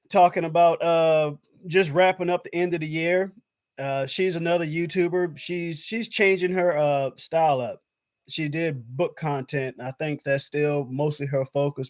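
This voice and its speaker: An American YouTube channel host chats with his live-stream viewers in a loose, rambling way, saying "man" and "I was like" a lot. His voice sits a little high for a man, and he gets animated when acting out his own past thoughts. The recording is close and dry.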